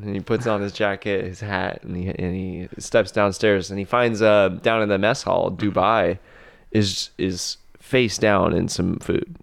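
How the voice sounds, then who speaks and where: A man co-hosting a comedy podcast speaks with a low, smooth voice. He narrates an improvised story in a rambling, halting way, full of restarts. He talks like someone making the story up as he goes. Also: fairly even intonation. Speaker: podcast co-host.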